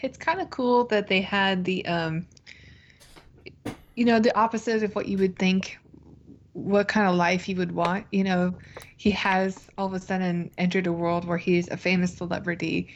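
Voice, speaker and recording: A woman's voice: on the low side, steady tone, moderate pace, dull audio, slight background noise. A woman co-hosting a podcast in easygoing casual chat, laughing often. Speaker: podcast co-host.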